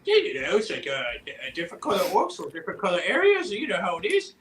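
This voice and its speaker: A man's voice: high voice, huge pitch swings, quick pace, fairly bright tone, exaggerated voice. A man voicing a tall, easygoing male goblin with ogre blood, who rambles with lots of "uh" and "you know" in a livestream interview. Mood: rambling.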